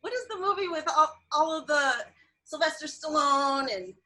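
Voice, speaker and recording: A woman's voice: high-pitched, expressive, normal speed, pushed and bright. A woman co-hosting a casual interview, asking eager questions and laughing often. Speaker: co-host. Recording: crowd chatter behind.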